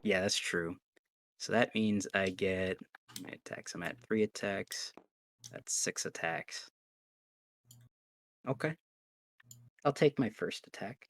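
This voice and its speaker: A man playing a tabletop game, excitable and thinking aloud, often restarting his sentences. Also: deep voice, slow, pauses often, slight background noise. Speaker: player. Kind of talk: casual tabletop game play.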